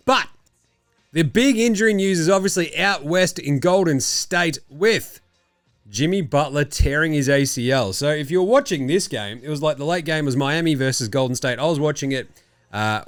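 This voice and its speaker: An Australian man hosting a casual sports talk show, animated and swearing freely. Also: fairly high pitch, no echo. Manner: animated, swearing, laughing asides. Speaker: podcast host.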